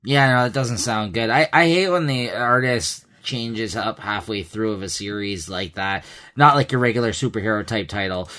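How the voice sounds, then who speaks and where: A man's voice: fairly low pitch, normal speed, sharp tone. A man co-hosting a podcast in casual chat, easygoing and agreeable, with frequent uhs and ums. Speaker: podcast co-host.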